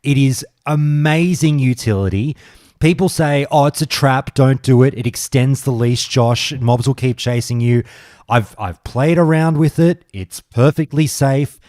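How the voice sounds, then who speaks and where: Male podcast host, mid pitch, heated ranter, dry close mic. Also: a little slow, darkish tone, no room sound. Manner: ranting, swears a lot, gets heated. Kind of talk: casual podcast chat.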